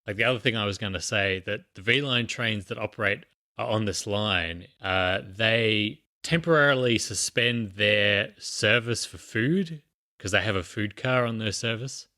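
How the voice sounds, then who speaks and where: Bright-voiced man explaining at length. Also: on the low side, measured pace. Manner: rambling explainer with many fillers and restarts. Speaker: podcast co-host. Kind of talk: casual chat.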